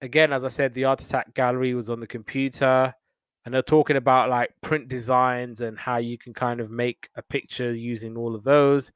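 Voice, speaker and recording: A young man hosts a casual podcast chat, rambling through memories of old TV shows and slipping into playful quoted voices. His voice is smooth and resonant, recorded dry and close with no room sound. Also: medium pitch, steady tone, moderate pace, dry recording.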